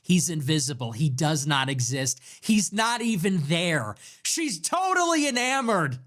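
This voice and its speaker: A man delivering a casual commentary monologue, mocking and ranting, shifting between deadpan asides and near-yelled punchlines. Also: on the high side, a little slow, few pauses. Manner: animated, mocking, ranting, swings from deadpan to yelling. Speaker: online commentator.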